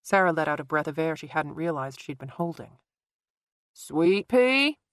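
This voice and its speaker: A woman narrating a thriller audiobook in a measured, even storytelling manner. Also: low voice, dry recording. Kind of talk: scripted narration.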